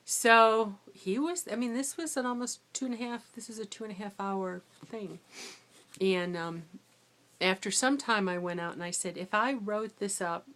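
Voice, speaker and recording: Middle-aged woman, tired after no sleep, vlogging a rambling story about substitute teaching in a chatty, mid-pitched voice. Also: moderate pace. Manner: chatty, rambling, animated when quoting herself. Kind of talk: casual storytelling vlog.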